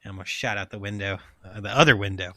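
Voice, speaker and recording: A man co-hosting a casual podcast, animated and playful, swearing freely. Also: on the low side, quick pace, no echo. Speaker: podcast co-host.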